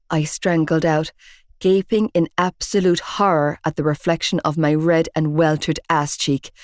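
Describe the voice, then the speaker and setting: A woman narrating a romance audiobook in first person, measured and expressive. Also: sits low, dry recording, clean studio sound.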